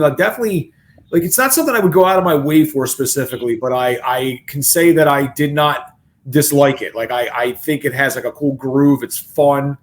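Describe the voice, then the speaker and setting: A man with a somewhat high voice co-hosts a music reaction video, chatting casually about a song and thinking aloud with many restarts. There's slight background noise.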